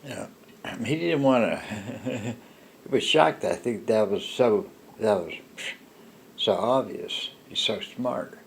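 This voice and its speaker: An older man telling a personal story in a slow, rambling monologue, halting with restarts. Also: on the low side, gravelly, a little hiss or hum. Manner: halting, with restarts and soft laughs. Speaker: storyteller recounting a personal encounter.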